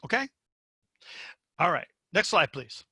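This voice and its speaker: Bright-voiced man giving a webinar lecture. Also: a little high, very animated, slow pace, breathy edge, dry recording. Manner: emphatic, checks in with "okay?". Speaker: university faculty member.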